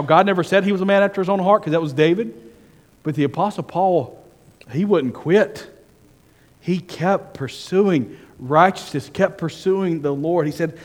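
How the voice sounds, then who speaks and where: A man preaching a sermon as senior pastor, telling stories and swinging from hushed asides to fervent, raised delivery. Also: fairly high pitch, long reverb tail.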